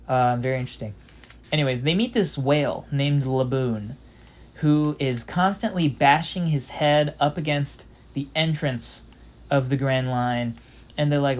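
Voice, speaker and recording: A man's voice: a little high, a little slow. A young man giving casual gameplay commentary, rambling with lots of fillers and the odd swear. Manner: rambling, filler-heavy storytelling with frequent "um" and "like". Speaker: gameplay channel host.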